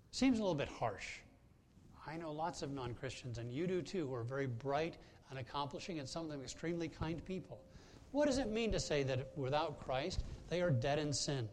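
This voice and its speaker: Higher-voiced male pastor preaching conversationally. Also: lively intonation, normal speed, darkish tone, slight background noise. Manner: conversational storytelling with frequent hesitations. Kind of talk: sermon.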